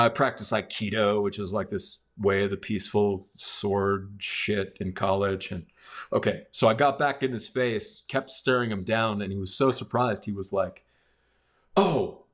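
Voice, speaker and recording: Low-voiced man telling a rambling story. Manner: relaxed, rambling storyteller with many fillers. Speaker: podcast guest. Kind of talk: casual storytelling.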